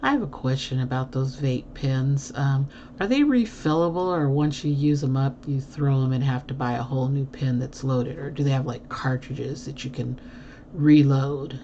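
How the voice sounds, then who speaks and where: A woman's voice: very deep voice, moderate pace, warm tone, highs cut off, a little hiss or hum. A woman chatting casually with viewers on a livestream, rambling with many fillers, teasing and laughing often. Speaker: livestream host. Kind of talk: casual chat answering viewer comments.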